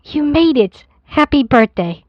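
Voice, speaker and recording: A woman's voice: high-pitched, big pitch swings, a little slow, no room sound. A woman voicing a grieving mother of a missing daughter, doting and pleading by turns, on a dry, dull lo-fi clip. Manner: doting, then frantic and pleading.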